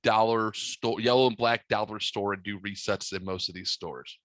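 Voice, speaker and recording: A man's voice: on the low side, fairly even intonation, normal speed, fairly bright tone, dry recording. A man hosting a podcast, telling a long story in casual chat, swearing freely and acting out the dialogue. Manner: profane, rambling, acts out dialogue in his stories. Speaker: podcast host.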